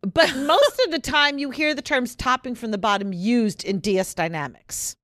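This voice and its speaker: A woman's voice: fairly high pitch, moderate pace, a bit bright, dry recording, clean studio sound. Giggly woman in her late fifties. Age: 50s. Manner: giggly, tired and slap-happy. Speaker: podcast co-host. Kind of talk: casual chat. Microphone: studio mic.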